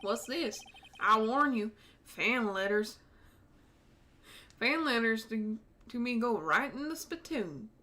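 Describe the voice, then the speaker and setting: A woman's voice: fairly high pitch, animated, slow, long pauses, bright, forceful tone, full character voice. A woman voicing a laid-back Southern cowboy lawman in a game, with a Tennessee drawl and folksy frontier sayings. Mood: lazy drawl.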